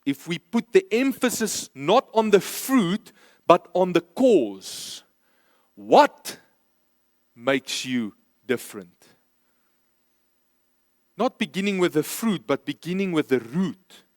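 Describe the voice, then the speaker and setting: High-voiced pastor preaching slowly. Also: male voice, big pitch swings, darkish tone, no echo, studio quality. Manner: emphatic, repeats key phrases, slows for stress. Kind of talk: sermon. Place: church.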